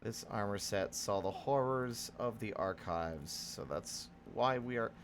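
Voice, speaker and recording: A man's voice: lowish voice, lively intonation, measured pace, slight background noise. A man casually chatting with his live-stream audience while playing a game, wry and rambling. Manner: wry, rambling, talks to chat.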